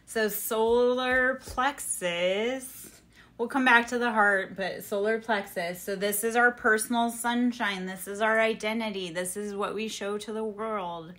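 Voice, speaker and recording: A woman's voice: medium pitch, fairly bright tone. A woman leading a live-streamed energy healing session, guiding breaths in a soothing way and chatting with viewers, with blunt swearing. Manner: slow, soothing guidance mixed with blunt swearing.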